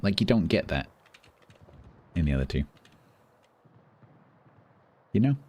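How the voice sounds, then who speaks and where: Deep-voiced playful male game streamer. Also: very animated, slow, dark tone, slightly rough. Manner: playful, chatty, self-mocking. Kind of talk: casual gaming stream commentary.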